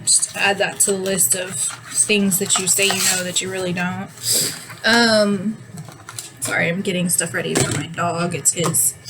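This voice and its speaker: A woman's voice: fairly low pitch, noisy background. A woman in her thirties, chatting casually to camera, rambling with ums and frequent laughs, a bit winded and yawning. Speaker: vlogger.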